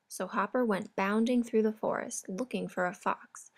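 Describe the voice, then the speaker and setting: A woman narrating a children's storybook in a calm, clear way. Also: medium pitch, moderate pace, hardly any pauses.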